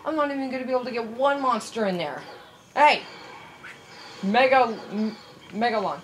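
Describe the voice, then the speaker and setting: A woman giving casual, excitable commentary over her own gameplay, yelping, shouting and swearing at the screen. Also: on the high side, normal speed, a little hiss or hum. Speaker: let's play gamer.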